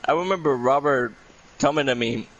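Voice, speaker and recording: A man's voice: mid-range voice, moderate pace, a bit bright, highs cut off. A man from Puerto Rico, a guest on a casual podcast, telling a story in a rambling way and repeating "I'm there like".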